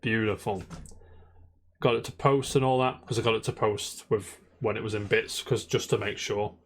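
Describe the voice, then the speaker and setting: A man with a lowish voice talks in a steady tone at a slightly quick pace. He's co-hosting a laid-back podcast, spinning a long, wandering story and cursing nonstop.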